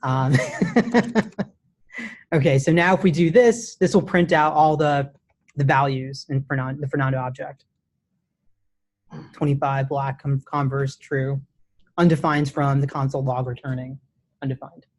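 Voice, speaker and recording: Brief: male coding instructor, relaxed classroom lecture, talks while typing. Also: medium pitch, a little slow, pauses often. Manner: casual, many restarts, says "right?" often.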